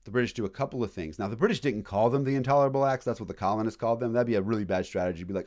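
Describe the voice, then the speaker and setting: A man giving a casual college history lecture in a classroom, joking and acting out quick voices of historical groups. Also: lowish voice, a little mellow.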